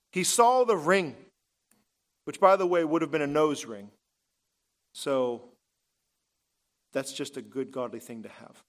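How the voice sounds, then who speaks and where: A male pastor preaches in a notably high voice, building to loud, emphatic points. Then he drops to a hush for effect. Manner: emphatic, rising and dropping for effect. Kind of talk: sermon.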